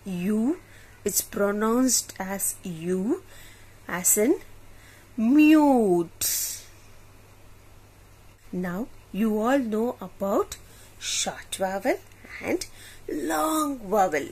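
Slow, husky woman teaching phonics. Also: mid-range voice, animated, mellow. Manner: slow, drawn-out, repeating each sound. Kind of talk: phonics lesson for children.

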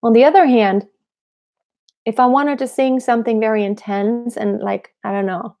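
Brief: young woman vocal coach, slightly high voice, explanatory live-stream teaching, talks through rhetorical questions. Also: fairly even intonation, normal speed, dark tone. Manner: explanatory, asks herself rhetorical questions, demonstrates voice placements. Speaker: singing teacher. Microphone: computer mic on a live stream.

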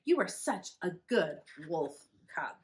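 A woman's voice: lowish voice, sing-song, takes it slowly. A woman voicing a big toothy female wolf in a picture book, gushing and sweetly coaxing. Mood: delighted.

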